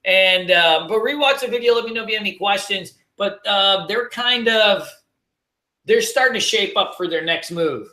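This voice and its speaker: A man's voice: high-pitched, moderate pace, bright, forceful tone, reverberant. A man hosting a casual trading livestream, joking, slangy and swearing as he answers viewers. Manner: laid-back, joking, slangy, swears and laughs often.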